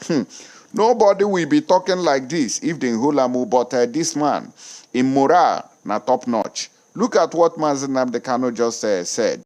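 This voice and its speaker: Nigerian guy doing news commentary, switches between pidgin and english, mid-pitched voice. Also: moderate pace. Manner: animated, mixes Nigerian Pidgin with English, laughs often.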